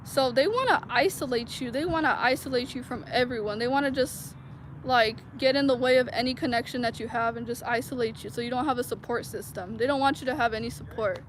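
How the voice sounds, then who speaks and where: A woman's voice: on the high side, fairly quick. A woman vlogger telling a personal story to her viewers in a rambling, casual way, full of "like" fillers. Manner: rambling, heavy use of "like" fillers. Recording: noisy outdoor street recording.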